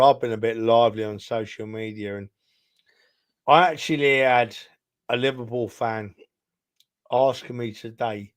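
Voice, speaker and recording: Rambling, emphatic man, tipsy. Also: mid-range voice. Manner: rambling, emphatic, keeps calling the other host son. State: tipsy from drinking. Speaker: podcast co-host. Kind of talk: casual football chat.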